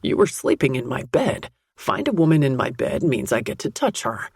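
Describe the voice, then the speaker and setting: A woman voicing a gruff, blunt grown man with a rough voice in an audiobook. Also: rumbling low, very animated, moderate pace, a little mellow, no room sound, studio quality, exaggerated voice. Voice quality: rough, gravelly. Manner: blunt, curt. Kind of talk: audiobook character voice.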